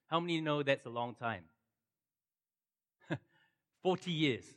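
A middle-aged man preaching a sermon and telling the story with animated swings from loud to hushed. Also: on the high side, takes it slowly, long reverb tail. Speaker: pastor.

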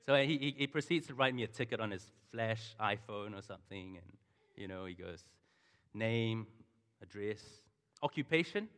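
Speaking fairly quickly in a lowish, steady voice with a bit of brightness, a middle-aged man preaches as a pastor. He shares a personal story conversationally and addresses asides to the congregation, with the long echo of a big church hall.

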